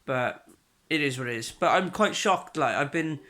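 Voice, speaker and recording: A man's voice: a little high, animated, normal speed, pushed and bright. Young man, casual home vlog, chatty, matter-of-fact, ill with covid. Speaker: vlogger. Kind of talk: casual vlog talk to camera.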